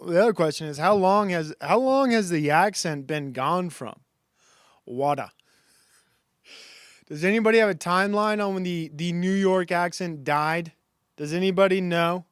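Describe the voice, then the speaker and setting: A man's voice: high-pitched, moderate pace, smooth, dry recording, studio quality. A man streaming a casual monologue who rambles and halts, with many fillers and restarts.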